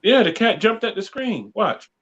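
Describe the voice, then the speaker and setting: A man's voice: high-pitched, very animated, moderate pace, highs cut off, very noisy. A man hosting a live podcast, bantering playfully with slang in a loose group chat. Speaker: podcast host.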